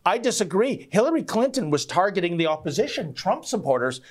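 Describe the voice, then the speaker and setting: Guy hosting a live stream, reads chats, jokey and wry, kinda higher voice. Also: sing-song, brisk, hardly any pauses, husky. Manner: wry, joking, theatrical emphasis. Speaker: show host reading viewer chats. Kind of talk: casual live-stream talk.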